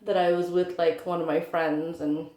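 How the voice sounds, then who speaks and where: A woman's voice: fairly low pitch, flat delivery, normal speed, a little mellow. Chatty young woman, rambling story. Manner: chatty, rambling, full of likes and ums. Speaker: vlogger. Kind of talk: casual storytelling to camera. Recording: echoey room.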